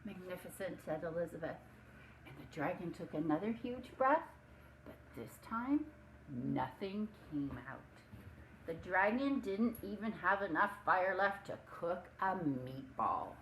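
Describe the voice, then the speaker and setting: A woman, a preschool teacher, reads a storybook aloud expressively for young children, pausing to comment on the story. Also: on the low side, very animated, fairly bright tone, roomy sound, slight background noise, rough recording.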